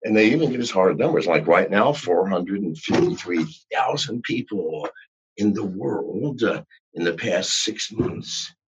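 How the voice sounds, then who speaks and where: A man speaking as a podcast guest, ranting in a profane, animated way. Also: sits low, slightly rough, dull audio. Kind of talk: podcast interview.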